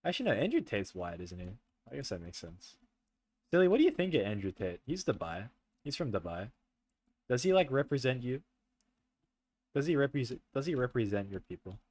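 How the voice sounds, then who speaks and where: Give me a young man livestreaming a horror game, mid-pitched, cursing and spooked. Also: very animated, fairly quick, darkish tone. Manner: swearing, jumpy, nervous laughing, says bro a lot. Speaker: streamer.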